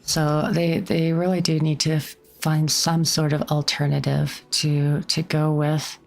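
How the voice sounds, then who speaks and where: A woman's voice: deep voice, little pitch movement, a little slow, creaky. A woman streamer giving casual game commentary in a chatty, rambling manner full of likes and restarts.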